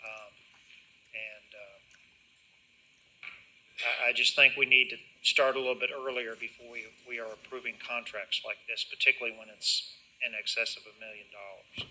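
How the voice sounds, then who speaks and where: A county commissioner speaking at a public meeting in a measured, hesitant way, with many fillers. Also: male voice, mid-range voice, little pitch movement, pushed and bright, poor audio.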